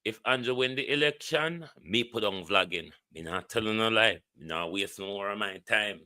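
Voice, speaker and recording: A man's voice: fairly low pitch, animated, moderate pace, sharp tone, no echo. A Jamaican man vlogging heated political commentary, ranting bluntly and swearing freely.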